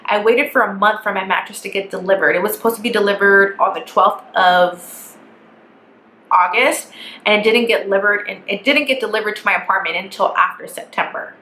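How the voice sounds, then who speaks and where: A young woman telling a casual storytime vlog, animated and profane, exasperated as she recounts her ordeal. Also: medium pitch, brisk. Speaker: vlogger. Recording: echoey room with faint background hiss.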